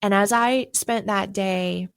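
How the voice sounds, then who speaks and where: A young adult woman recounts her faith testimony on a podcast in a mid-pitched voice. Her storytelling is emotional and animated, rising sharply in pitch and volume at the key moments. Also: takes it slowly, gravelly, smooth.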